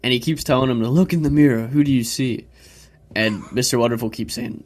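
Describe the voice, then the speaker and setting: Young male podcast co-host, casual and giggly, mid-pitched, does quick quoted voices while recapping. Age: young adult. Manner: laughing, animated retelling with quoted lines. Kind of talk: casual chat.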